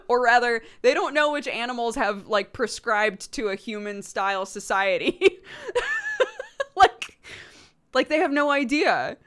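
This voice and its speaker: Animated woman streamer chatting. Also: a little high, a little slow, long pauses, clear, resonant tone. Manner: animated, laughing, swearing. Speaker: livestream host. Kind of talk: casual stream chat.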